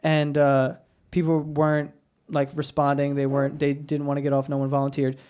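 A man hosting a podcast, telling a story in casual chat with lots of swearing and animated asides. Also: fairly high pitch, brisk. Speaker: podcast host.

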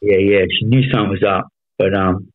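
An Australian man in his thirties with a lowish voice tells his story bluntly, swearing often and checking in with "you know what I mean." The sound is thin and tinny, like a phone line. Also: flat delivery, a little fast. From Melbourne, Australia. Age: 30s. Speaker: podcast guest. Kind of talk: casual storytelling interview.

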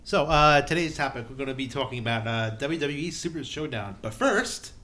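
Fast bright-voiced male podcast co-host. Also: mid-range voice, expressive. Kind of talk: casual chat.

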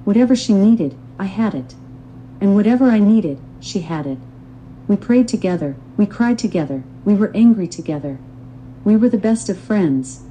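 Older woman reading her memoir, earnest and churchy, super dark mellow voice. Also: mid-range voice, lively intonation, normal speed, dull audio, a little hiss or hum. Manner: earnest, devout testimony. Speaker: memoir author and narrator.

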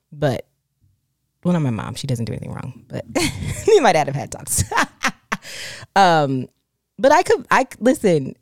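A woman's voice: low-pitched, a little mellow, no echo, clean studio sound. A young woman talking candidly in casual chat, rambling with many fillers and restarts.

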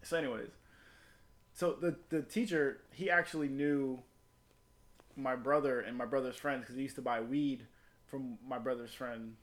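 A man's voice: mid-range voice, fairly even intonation, moderate pace. Male podcaster, rambling crude storyteller, casual and profane.

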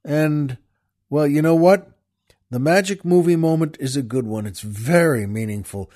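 A man's voice: fairly high pitch, moderate pace, mellow. A man hosting a radio talk show, retelling a film scene in a folksy, emphatic way and repeating himself as he gets carried away.

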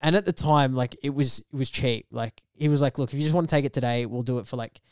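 A young man, co-hosting a podcast and telling a story in lively casual chat, acting out the voices of the people in it. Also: mid-range voice, fast, dry recording, studio quality. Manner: animated storyteller, acts out quoted voices. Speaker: podcast co-host.

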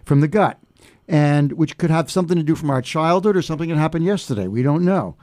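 A man's voice: fairly high pitch, animated, fast talker, darkish tone. An American man talking casually with friends, laughing often and restarting with many fillers. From United States. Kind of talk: casual chat.

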